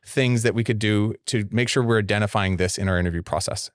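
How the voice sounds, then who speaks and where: A man from Canada hosting a casual interview, talking quickly with laughing, animated asides. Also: lowish voice, dry recording, clean studio sound. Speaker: podcast host.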